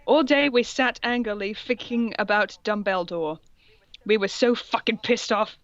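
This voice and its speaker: A woman's voice: a little high, unhurried, no room sound, muffled recording. Giggly woman reading fan fiction aloud. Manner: stumbles over odd words, breaks into giggles. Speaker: podcast co-host.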